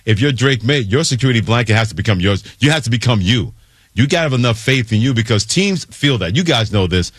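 A man hosting a sports radio talk show, giving emphatic, rapid-fire opinions. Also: mid-range voice, expressive, breathy edge, no room sound, studio quality.

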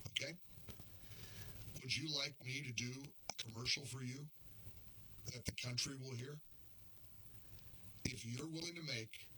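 An older man hosting a talk radio show, launching into impassioned rants that climb toward near shouts, then easing into folksy appeals to his listeners. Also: mid-range voice, background noise.

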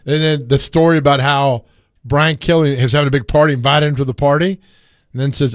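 A middle-aged man hosts a sports radio show, telling stories in a relaxed, chatty way and laughing easily. His voice sits a bit high, and the studio sound is dry and close. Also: a little fast, no echo. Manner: laid-back, storytelling, laughs often. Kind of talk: casual sports radio chat.

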